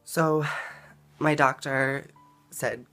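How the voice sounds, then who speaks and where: A woman's voice: rumbling low, fairly even intonation, very slow, a bit bright, soft background music. A woman vlogging a personal story in a casual, earnest way, full of "like" and "um" fillers. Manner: chatty, filler-heavy, frequent "like" and "um"; earnest and emotional in retelling.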